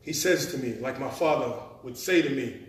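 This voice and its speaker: A man telling a comic story at a live storytelling performance, animated and acting out the scenes. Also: medium pitch, moderate pace. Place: performance venue. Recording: echoey room, mic at a distance.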